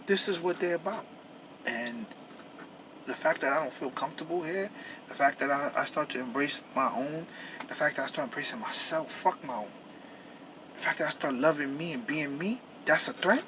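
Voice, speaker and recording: A truck driver talking straight to camera in a heated, profane rant that keeps repeating and restarting itself. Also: male voice, high voice, background noise. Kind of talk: angry personal rant to camera.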